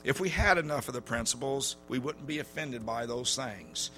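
A man preaching a sermon in a church, telling stories in a folksy way with many halting fillers. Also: medium pitch, expressive, pushed and bright, a little hiss or hum.

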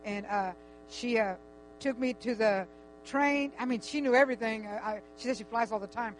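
An older woman tells a long personal story in a casual, animated way, full of restarts and quoted dialogue. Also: on the high side, normal speed, poor audio. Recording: faint music and mains hum.

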